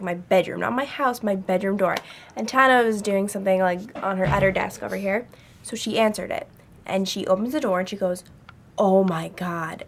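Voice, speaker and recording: A young adult woman vlogging from her dorm bedroom, telling a story in a chatty, rambling way full of "like". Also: medium pitch. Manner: chatty, rambling, heavy use of "like". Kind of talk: casual storytime chat.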